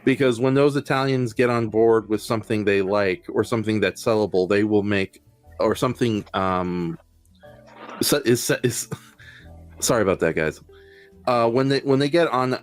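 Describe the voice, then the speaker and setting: Low-voiced man rambling about films. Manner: rambling, many fillers and restarts. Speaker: podcast host. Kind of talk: casual film podcast chat.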